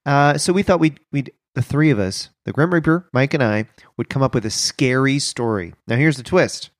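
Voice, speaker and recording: A man's voice: mid-range voice, expressive, dry recording, clean studio sound. Rambling male podcast co-host. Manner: rambling with fillers, halting improv narration. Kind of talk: improvised comedy podcast.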